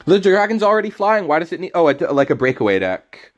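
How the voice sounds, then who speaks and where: A man streaming a card game, chatting casually with his viewers, teasing them and breaking into loud, sudden reactions. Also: high-pitched, sing-song, fast, faint music behind. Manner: casual, teasing banter with chat. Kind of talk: live game stream commentary.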